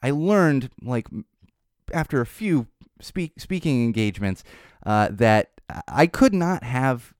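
A man hosts his podcast alone in a casual, unscripted monologue, drifting into tangents as he goes. He sounds tired, but his pitch stays lively and swings up and down. The recording is dry, with no room sound. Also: takes it slowly, no room sound. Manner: rambling, speaks off the cuff with tangents. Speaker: podcast host.

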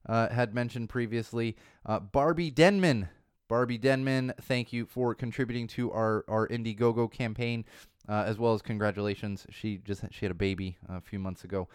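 Casual male podcast host, smooth voice. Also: mid-range voice, normal speed, no echo, studio quality. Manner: rambling, lots of fillers and restarts. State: slightly losing his voice.

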